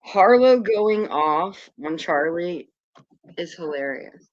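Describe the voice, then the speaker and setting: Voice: medium pitch, animated, slow, muffled recording. A livestream host chatting casually, rambling and distracted, swearing offhand while sorting out links. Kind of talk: casual commentary chat.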